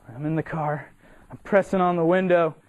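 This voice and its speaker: A young man from Massachusetts, a cadet, giving an animated, humorous storytelling speech for a competition and acting out the people in his story. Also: fairly high pitch, slow, lo-fi sound. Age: young adult.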